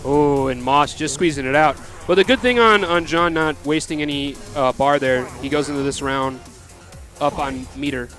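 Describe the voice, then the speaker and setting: A man's voice: a little high, normal speed, a bit bright, faint music behind. A man with an American accent giving analytical, casual color commentary at a fighting-game tournament. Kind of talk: live esports commentary.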